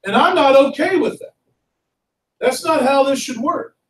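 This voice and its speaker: Greedy, self-satisfied king complaining about lost money, as a male teacher puts him on; highish voice, roomy classroom sound from a distant mic. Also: normal speed. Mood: indignant. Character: greedy, indignant English king, male adult.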